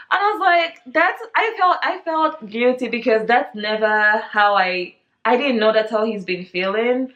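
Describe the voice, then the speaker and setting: A woman's voice: fairly high pitch, moderate pace, hardly any pauses, fairly bright tone. A young woman hosting a casual chat about motherhood, talking in a chatty way, laughing often and acting out quotes. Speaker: channel host. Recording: slightly dull lo-fi sound.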